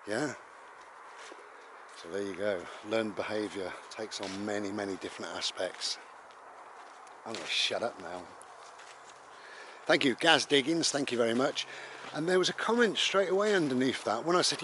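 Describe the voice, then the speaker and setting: A man's voice: lowish voice, expressive, measured pace, pauses often. A man vlogging a rambling, conversational monologue, full of tag questions. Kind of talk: casual reflective monologue. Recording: noisy home recording.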